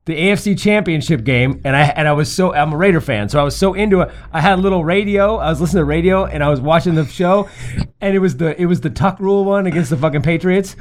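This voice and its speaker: A man in a casual podcast chat, telling excitable stories and acting out what people said. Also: fairly high pitch, fast. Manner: excitable storyteller who acts out quotes.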